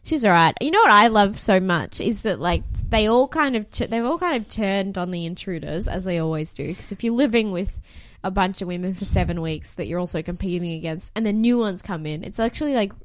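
A woman's voice: mid-range voice, expressive, a little fast, few pauses, dry recording. Chatty woman recapping reality TV. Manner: chatty, sarcastic, acts out quotes. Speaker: podcast co-host. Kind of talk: casual chat recapping a reality show.

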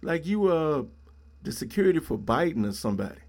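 A man's voice: fairly high pitch, very animated, a little fast, a little mellow. Blunt, preachy middle-aged man. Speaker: podcast host. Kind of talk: ranting solo podcast monologue.

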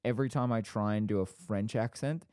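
A man co-hosting a casual podcast chat, talking quickly and rambling through asides. His voice sits low, with a dark, mellow tone. It is close-miked and dry, with no room sound. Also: no echo. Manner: fast, rambling, with frequent fillers and asides. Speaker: podcast co-host.

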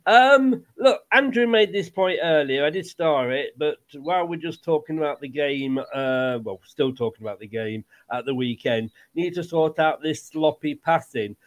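A man hosting a casual football podcast, chatty and quick to laugh. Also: fairly high pitch, expressive. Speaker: podcast host.

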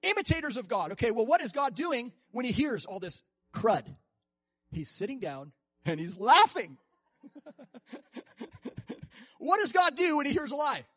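A man preaching a sermon, animated and acting out quoted voices, often laughing. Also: very high voice, moderate pace, dry recording.

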